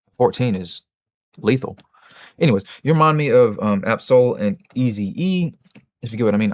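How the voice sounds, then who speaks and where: A man's voice: lowish voice, no room sound, studio quality. A man hosting a livestream, chatting casually and answering his chat in a rambling, joking, self-mocking way with many restarts. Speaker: livestream host.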